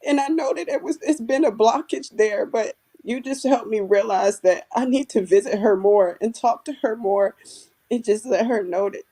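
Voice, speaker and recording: Emotional woman with a mellow voice. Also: medium pitch. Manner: emotional, candid, casual. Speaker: audience member giving feedback. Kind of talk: casual heartfelt testimony.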